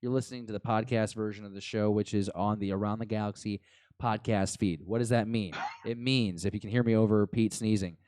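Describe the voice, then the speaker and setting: Guy hosting a podcast, rambles w lots of ums, clean smooth voice, dead dry. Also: fairly low pitch, steady tone, brisk, a little mellow, no echo. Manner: rambling, filler-heavy, self-deprecating. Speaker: podcast host. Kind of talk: casual podcast chat.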